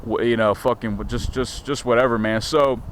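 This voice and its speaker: A man's voice: medium pitch, fairly even intonation, moderate pace, slight background noise. A man from the United States talking casually to a handheld camera outdoors in a rambling, profane, stammering rant. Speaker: vlogger. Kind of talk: casual vlog monologue. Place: outdoors in a small town street.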